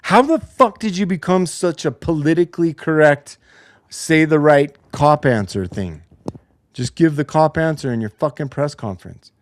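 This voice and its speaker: A man's voice: a little high, expressive, normal speed, dry recording. A man hosting a post-game basketball show, ranting in a heated, profane way. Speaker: podcast host. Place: home basement studio.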